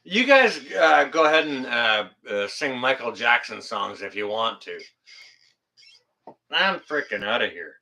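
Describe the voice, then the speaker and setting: Canadian guy on a livestream, chatty, lots of ums and uhs, bright voice that jumps around. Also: mid-range voice, sing-song, unhurried, creaky. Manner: rambling and joking with frequent fillers. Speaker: livestream host reading chat. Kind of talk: casual livestream chat.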